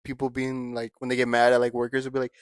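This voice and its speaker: A man's voice: mid-range voice, completely flat delivery, quick pace, clear, resonant tone, dry recording. A young man co-hosting a podcast, talking in a loose, rambling way full of fillers. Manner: rambling, laid-back, lots of fillers. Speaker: podcast co-host. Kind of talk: casual chat.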